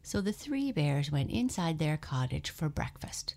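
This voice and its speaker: A woman reading a children's storybook aloud, slow and expressive, dropping into soft breathy asides. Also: low voice.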